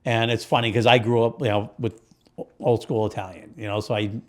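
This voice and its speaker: A man with a Connecticut accent, co-hosting a podcast and telling stories in a casual, profane, animated way, acting out the people in them. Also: fairly low pitch, fairly quick. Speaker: podcast co-host. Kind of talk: casual storytelling chat.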